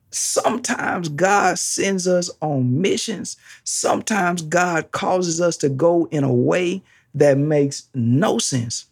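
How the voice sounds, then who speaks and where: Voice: medium pitch, slightly rough. A preacher giving a sermon, emphatic, repeating key phrases and laughing often.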